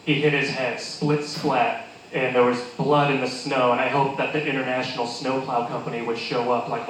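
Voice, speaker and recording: A man's voice: mid-range voice, flat delivery, normal speed, fairly bright tone, a little hiss or hum. A man performing a crude stand-up comedy set at a pub, rambling and laughing at his own jokes. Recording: echoey pub room.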